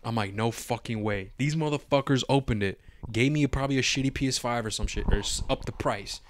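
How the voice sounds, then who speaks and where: Animated, profane man telling a story. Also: medium pitch, fast talker, no room sound. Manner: animated, profane, acts out his own reactions. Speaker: podcast co-host. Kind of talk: casual storytelling chat.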